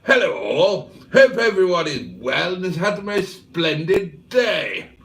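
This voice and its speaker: A frightfully posh, plummy gentleman offering his good wishes, as a livestream host puts him on. The voice sits a bit high and swoops elegantly. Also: expressive, measured pace, full character voice. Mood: genteel. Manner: plummy and refined. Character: very posh, genteel English man.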